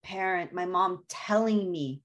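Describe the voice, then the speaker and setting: A woman's voice: lowish voice, measured pace. A woman, a guest author, speaking in an earnest, reflective way as she tells personal stories in a conversational interview.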